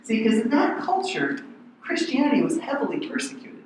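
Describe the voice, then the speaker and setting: A man's voice: very high-pitched, big pitch swings, fairly quick, darkish tone, far from the mic, slight background noise. A middle-aged man preaching a conversational sermon as pastor, acting out the voices in the verses. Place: large church hall. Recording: very echoey hall.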